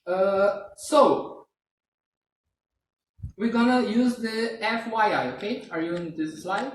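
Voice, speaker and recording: A man's voice: high voice, takes it slowly. A man teaching English grammar in a live online class, patiently checking understanding again and again. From Brazil. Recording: roomy, distant from the mic, faint hiss.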